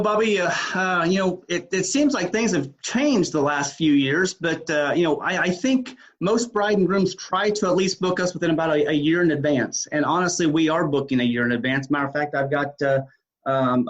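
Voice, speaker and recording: A man who owns a wedding DJ business, answering interview questions in a halting way, full of fillers and restarts. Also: a little high. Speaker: wedding DJ business owner, guest. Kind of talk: casual interview talk. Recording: dull lo-fi sound.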